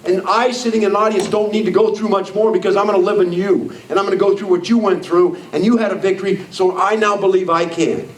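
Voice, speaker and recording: A man in his sixties gives a blunt, emphatic motivational talk to a roomful of people. His voice sits a little high for a man and carries a strong echo, and it sounds like it was picked up from far away across the room. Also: fast talker, few pauses. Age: 60s. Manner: blunt, emphatic, repeating "I don't care" and "you know what?". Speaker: motivational speaker. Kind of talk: motivational speech to a live audience. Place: meeting room with an audience. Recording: echoey room, voice far from the mic.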